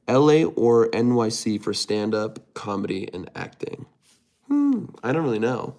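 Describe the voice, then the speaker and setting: A man's voice: medium pitch, big pitch swings, slow, darkish tone. A young man streaming live, casually reading viewer comments aloud and answering them. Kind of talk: casual livestream chat.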